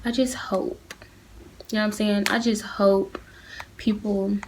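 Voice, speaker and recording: A woman's voice: mid-range voice, level tone, a little slow, background noise. A teenage girl from Atlanta, speaking earnestly and heatedly straight to her viewers in a casual opinion vlog recorded on a phone. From Atlanta, United States. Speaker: vlogger. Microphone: phone camera.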